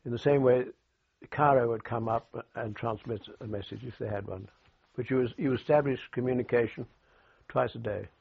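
The interviewee is an older British war veteran whose medium-pitched voice is gravelly and husky. Through a tinny, phone-like recording, he tells oral history anecdotes about wartime radio work, with dry humour and frequent faltering restarts.

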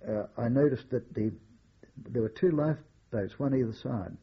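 An older man, a war veteran, recalling his memories in a measured oral-history style with occasional wry chuckles. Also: medium pitch, gravelly, slightly rough, dull audio.

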